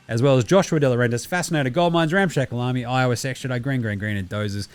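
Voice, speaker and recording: A man's voice: mid-range voice, fast, few pauses, clear, resonant tone, faint music behind. A man with an Australian accent hosting a basketball show, signing off with cheeky, crude banter. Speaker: basketball podcast host. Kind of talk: casual sign-off chat.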